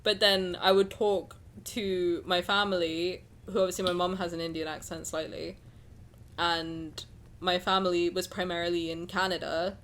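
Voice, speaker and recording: Chatty young Englishwoman streamer, bright voice. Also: fairly low pitch, little pitch movement, normal speed. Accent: southern English, slightly transatlantic. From England. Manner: rambling, chatty, lots of "like" fillers. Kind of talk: casual chat with live stream chat.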